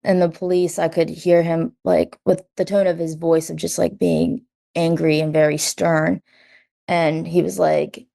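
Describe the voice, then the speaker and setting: Young adult woman, low-ish pitch, chatty with constant "like", re-enacts quotes. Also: normal speed, creaky. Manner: says "like" constantly, quotes herself and others in lively bursts. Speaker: guest. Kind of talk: personal story in an interview.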